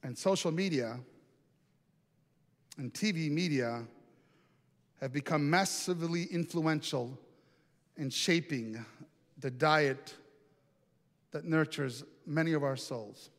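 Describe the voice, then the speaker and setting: A male pastor tells a story from the pulpit in an easy, chatty way, often turning to ask the congregation questions. His voice sits on the high side for a man. The sound carries a long reverb from a large hall. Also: slow, pauses often. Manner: conversational, asks the congregation questions. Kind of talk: storytelling sermon.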